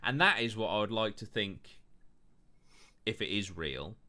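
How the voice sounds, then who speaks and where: A man's voice: on the low side, expressive, measured pace, pushed and bright. A man hosting a podcast in casual, rambling chat, full of swearing and fillers. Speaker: podcast host.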